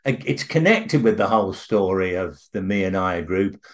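An older man, a guest author telling a story in an interview, halting at times with restarts, then eager and animated. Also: sits low.

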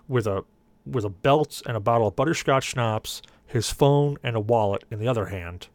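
A man's voice: medium pitch, dry recording. A man on a podcast telling a long, funny story and acting out the voices in it. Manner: animated, acts out the voices in his stories. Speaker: podcast panelist. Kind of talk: comic storytelling.

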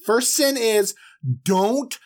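A man casually retelling an old story for laughs, playful and jokey, slipping into quick character voices. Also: very high-pitched. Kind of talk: comedic Bible retelling.

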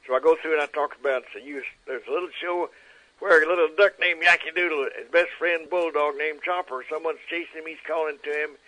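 A man in his nineties telling stories as an interview guest, animated and acting out quotes. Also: on the high side, fairly quick, rough recording. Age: 90s. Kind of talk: storytelling interview.

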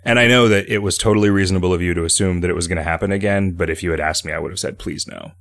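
A man's voice: sits low, fairly even intonation, rapid-fire, a bit bright, dry recording. A man hosting a casual podcast, rambling as he reads listener questions aloud and talks through ideas. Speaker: podcast host and game developer.

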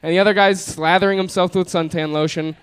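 A young man tells a long story on stage, relaxed and amused, and laughs often as he goes. His voice sits a little high for a man and comes across smooth and clear. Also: fast talker. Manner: laid-back, amused, laughs through his own story. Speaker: comedian telling a story on stage. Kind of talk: live storytelling. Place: small live venue.

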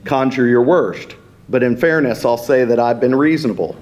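A man's voice: medium pitch, moderate pace, darkish tone, lightly acted. A man reading aloud and voicing a cocky, battle-hardened male mage who speaks in a defiant, cutting way. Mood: mocking.

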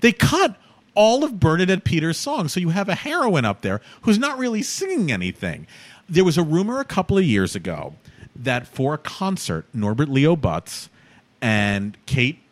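An enthusiastic man co-hosting a podcast gushes about musicals, his pitch swinging widely. His voice is mid-range, and the sound is dry and close to the mic. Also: moderate pace, dry recording. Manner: enthusiastic, gushing, expressive. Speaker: podcast co-host. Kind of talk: casual chat about musicals.

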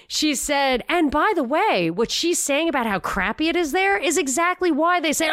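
Woman host, animated storyteller, a bit high, dry mic. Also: moderate pace, few pauses, no echo. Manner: animated retelling, quoting others, frequent laughs. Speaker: podcast host. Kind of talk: casual commentary chat.

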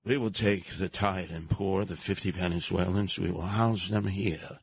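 A man's voice: low-pitched, fairly even intonation, normal speed, gravelly, a little hiss or hum, pitched below the performer's own voice. Man putting on a smug tipsy rich aristocrat. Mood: mocking.

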